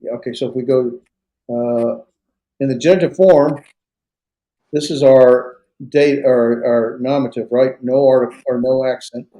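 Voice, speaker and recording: Relaxed man tutoring Greek. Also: mid-range voice, normal speed. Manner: relaxed, coaching, filler-heavy. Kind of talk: one-on-one tutoring.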